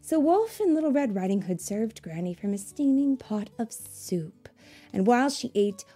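A woman reading a picture book aloud to children, pausing to ask them questions and explain things. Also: mid-range voice, breathy edge. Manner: asks listeners questions, warm explanatory asides.

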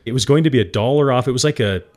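Guy telling his startup story, earnest and emotional, chatty, mid-pitched. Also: very fast, a little mellow. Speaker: company founder and CEO, guest. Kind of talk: candid interview storytelling.

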